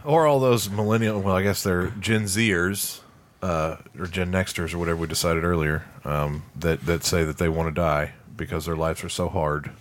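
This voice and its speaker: Very deep-voiced man teasing in banter. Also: steady tone, normal speed. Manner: teasing, jokey, laughs. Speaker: podcast co-host. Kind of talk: casual chat.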